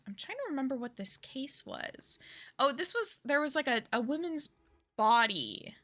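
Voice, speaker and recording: A woman streaming a detective game chats in a bright, sharp voice full of jokey asides. Her pitch is fairly high and bounces around a lot. Faint game music runs underneath. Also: sing-song, normal speed, a little hiss or hum. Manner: chatty, jokey, rambling asides. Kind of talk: casual game commentary.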